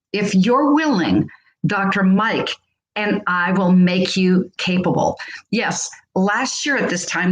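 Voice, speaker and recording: An emphatic woman in her sixties gives a motivational radio talk as a health coach, hammering her points home through repetition. Her voice sits at an ordinary middle pitch for a woman. It rings in a roomy, echoey space. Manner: emphatic, repeats phrases for effect. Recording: roomy echo.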